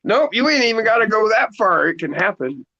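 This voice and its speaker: A man's voice: high voice, brisk, dull audio. A man chatting casually and joking around on a remote line. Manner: joking, lively. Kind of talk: casual chat.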